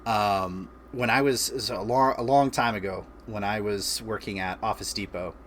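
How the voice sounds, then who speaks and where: A man's voice: lowish voice, fairly even intonation, moderate pace, a bit bright, a little hiss or hum. A man in his thirties hosting a casual chat stream from home, telling a story in a rambling way with frequent restarts and chuckles. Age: 30s. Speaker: streamer host. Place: home, by a fireplace.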